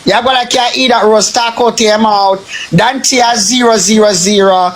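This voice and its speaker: A man's voice: high voice, fairly even intonation, moderate pace. A man with a Jamaican accent doing a heated, repetitive rant on a phone live stream, swearing heavily. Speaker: social media live streamer.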